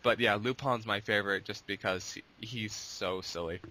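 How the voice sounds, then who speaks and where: A man's voice: lowish voice, steady tone, moderate pace, pushed and bright, no room sound. A man answering interview questions in a casual, long-winded way, rambling and restarting his sentences. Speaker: guest, abridged series creator.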